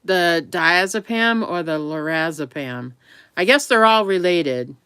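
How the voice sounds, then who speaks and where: A woman's voice: on the low side, animated, a little slow, sharp tone, clear, resonant tone, no echo. A woman talking to camera in a rambling, chatty way, often laughing. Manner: talks affectionately to her dog between remarks. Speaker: vlogger. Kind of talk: casual chat to camera.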